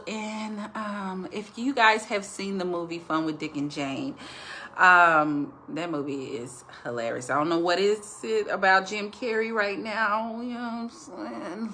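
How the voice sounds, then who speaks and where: A woman with a slightly low voice that still comes across bright and forceful. She talks to her viewers in a chatty, rambling way, sharing a faith testimony. Her tone turns earnest when she speaks of revelations. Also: a little hiss or hum. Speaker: Christian devotional speaker.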